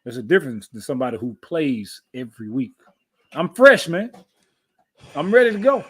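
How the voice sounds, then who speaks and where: A man's voice: a little high, very animated, normal speed, a bit bright, breathy edge. A man in his thirties co-hosting a podcast, chatting casually about sports, boastful and trash-talking, repeating his lines. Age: 30s. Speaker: podcast co-host.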